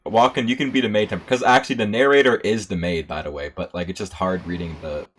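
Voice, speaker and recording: A man's voice: fairly low pitch, fairly even intonation, fast, a bit bright, slight background noise. A man casually chatting and giving directions while leading a group game read-through on stream, joking and calling people bro. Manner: joking, bossy, says bro. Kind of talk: casual chat.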